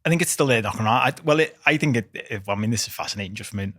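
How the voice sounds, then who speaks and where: A man chatting quickly and telling stories on a football podcast. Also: fairly low pitch, expressive, fairly bright tone, no room sound. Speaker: podcast co-host. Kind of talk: casual chat.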